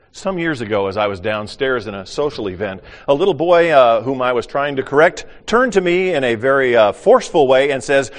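An older man preaching a sermon as pastor, animated, acting out little voices and swinging from loud to hushed. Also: mid-range voice, a little fast, few pauses. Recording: long hall reverb.

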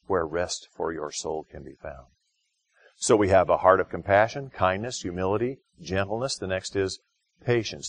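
A middle-aged man preaching a sermon in a conversational way, rising to loud, slow, emphatic phrases for stress. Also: low voice, dry recording. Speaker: pastor.

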